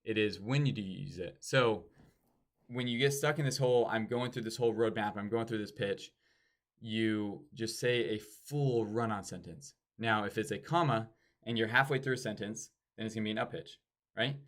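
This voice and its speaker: A man giving a casual sales training, acting out sample door-to-door pitches to show pauses and emphasis.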